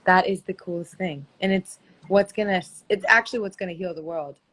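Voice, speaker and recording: A woman chatting over a live video call. Her voice sits fairly low for a woman. She talks with eager, warm enthusiasm and readily cheers the other speaker on. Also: brisk, poor audio. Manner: warm, eager agreement and encouragement. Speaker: musician. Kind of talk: casual live-stream chat. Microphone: video call from a phone or computer.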